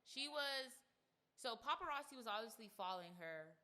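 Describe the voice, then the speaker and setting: Bright-voiced young woman podcast host. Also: a little high, moderate pace, a little hiss or hum. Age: 20s. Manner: animated, slangy, swears freely. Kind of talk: casual chat.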